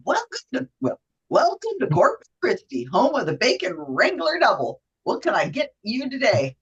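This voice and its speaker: A woman's voice: a little high, huge pitch swings, normal speed, husky, dull audio, full character voice. Woman putting on a perky drive-through worker. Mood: perky, upselling. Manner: sing-song menu reading, stumbling over words. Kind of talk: acted drive-through order for a trivia game.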